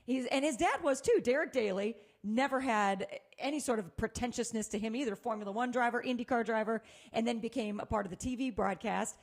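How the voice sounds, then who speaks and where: A middle-aged woman co-hosting a casual chat, telling lively stories and laughing often. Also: on the high side, a little fast, few pauses. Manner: animated storyteller, laughs often. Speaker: co-host.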